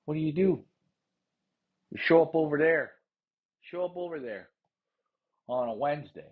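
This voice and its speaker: A man hosting a pigeon racing show, ranting heatedly with lots of profanity and repetition, then calmly explaining how he handles his birds. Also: on the high side, normal speed, pauses often, highs cut off. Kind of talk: casual livestream talk.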